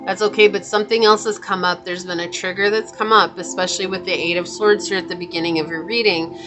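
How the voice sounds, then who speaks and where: A woman's voice: fairly low pitch, fairly even intonation, fast. A woman giving a casual spoken tarot reading, chatty and reassuring, with many fillers and restarts. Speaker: tarot reader. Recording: music playing behind the voice.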